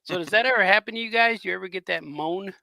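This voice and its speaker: A man co-hosting a casual chat, telling stories with lively acted-out voices. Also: sits high, fast, vocal fry, no echo. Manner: animated storyteller, acts out voices. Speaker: co-host.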